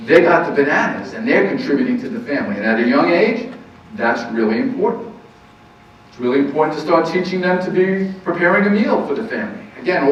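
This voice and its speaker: A man's voice: a little high, a little hiss or hum. A man counselor giving an earnest talk on parenting to an audience, repeating key points and asking rhetorical questions. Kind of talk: lecture to a live audience. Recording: very echoey, distant, muffled room recording.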